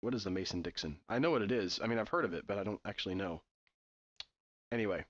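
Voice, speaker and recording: A man reads a text adventure aloud in a lively, up-and-down voice, cutting in with dry, quizzical complaints. The sound is muffled and lo-fi, as from a cheap home setup. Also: lowish voice, moderate pace. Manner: sarcastic, quizzical asides. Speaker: let's-play gamer. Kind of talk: reading game text aloud with commentary.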